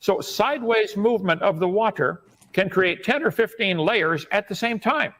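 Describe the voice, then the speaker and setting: A man's voice: high voice, animated, normal speed, fairly bright tone. A man arguing in a debate, lecturing at length in an assertive way. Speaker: debate guest. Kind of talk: debate argument.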